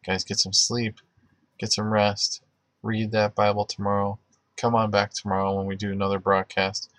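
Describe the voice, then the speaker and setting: Man, gravelly low voice, rambling casual livestream chat, dry close sound. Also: flat delivery, moderate pace, fairly bright tone. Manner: loose, rambling, many fillers and restarts. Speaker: livestream host.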